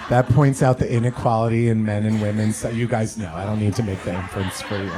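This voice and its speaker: Deadpan stand-up comedian, man. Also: on the low side, noisy background. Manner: deadpan one-liners with quick self-corrections. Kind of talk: stand-up set. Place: comedy club stage with audience laughter.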